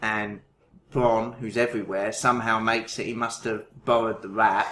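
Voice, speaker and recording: A man's voice: on the low side, little pitch movement, normal speed, a bit bright. Casual podcast man, faint background hiss. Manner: rambling, self-correcting, laughs while telling. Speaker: podcast co-host. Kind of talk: casual chat.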